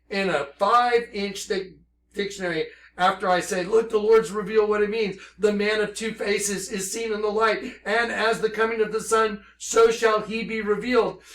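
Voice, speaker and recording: High-voiced fervent man preaching. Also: echoey room. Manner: animated, swings between hushed and shouting. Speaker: self-styled minister. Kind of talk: impassioned religious monologue.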